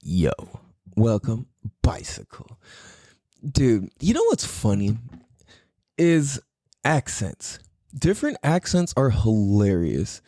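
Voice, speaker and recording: A man's voice: mid-range voice, wildly swooping pitch, takes it slowly, mellow, dry recording, clean studio sound. A man hosting a solo podcast, rambling casually, swearing and often laughing. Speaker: podcast host.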